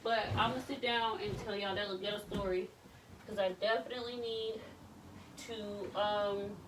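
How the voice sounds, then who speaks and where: A pregnant woman in her thirties vlogging casually while tidying her bedroom, telling candid, animated stories full of slang. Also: medium pitch, moderate pace, recorded from a distance, noisy background. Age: 30s. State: pregnant, back aching. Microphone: camera set up across the room.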